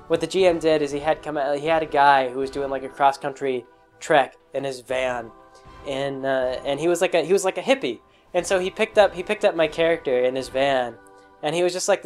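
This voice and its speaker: A man with a slightly high voice tells a meandering story about an old tabletop campaign, full of "like" and "uh" and restarted sentences. He talks as a casual podcast host. Soft music plays faintly in the background. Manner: rambling, with many fillers and restarts.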